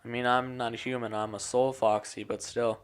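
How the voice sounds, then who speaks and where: A man playing a visual novel for his channel, giving deadpan, self-mocking asides. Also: medium pitch, moderate pace, clean tone. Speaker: gaming channel host. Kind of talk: let's play commentary.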